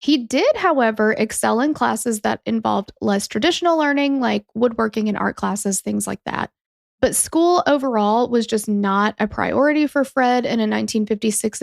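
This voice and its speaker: Chatty woman with gravelly voice. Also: on the high side, no room sound, studio quality. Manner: chatty, swearing, many fillers. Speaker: podcast co-host. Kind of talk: casual true-crime podcast chat.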